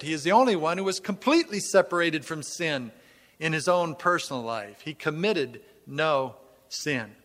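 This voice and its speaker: A man preaching a sermon, reading scripture aloud and then expounding it in an emphatic, measured way. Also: fairly high pitch, a bit bright. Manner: emphatic, measured preaching with falling phrase ends. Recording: long hall reverb.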